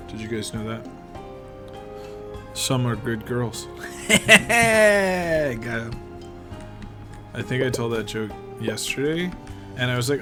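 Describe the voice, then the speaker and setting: A man giving relaxed, rambling gameplay commentary, chatting with asides as he plays. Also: medium pitch, takes it slowly, pauses often. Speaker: gaming channel host. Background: game music.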